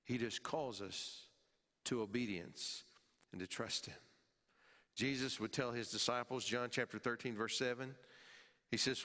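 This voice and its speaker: A male pastor preaching a sermon, emphatic, his voice rising and falling sharply and dropping low at the ends of phrases, sometimes repeating words as he restarts. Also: fairly even intonation, measured pace, long pauses, sharp tone. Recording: long hall reverb.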